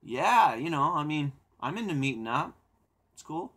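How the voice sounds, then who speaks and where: Speaking at normal speed in a slightly high voice, a young livestream host chats loosely with his viewers, rambling, repeating words, and laughing. He turns calm and thoughtful while discussing silence.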